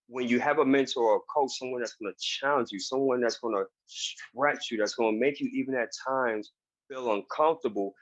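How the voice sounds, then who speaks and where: A man of medium pitch and a fairly bright tone speaks earnestly and emphatically as a guest in a motivational interview. He is recorded over a video call, and the audio is dull and dry, with no echo.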